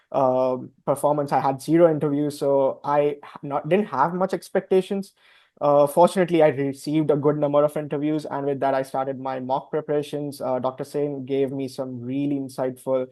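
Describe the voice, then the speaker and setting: A man's voice: a little high, dark tone, no room sound. A young adult man sharing his residency match story in a casual webinar, hesitant with frequent fillers.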